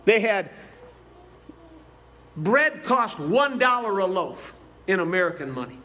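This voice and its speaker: A man's voice: high-pitched, sing-song, slow pace, pushed and bright. A man preaching a sermon, telling stories with heartfelt feeling and reciting scripture. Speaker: visiting preacher.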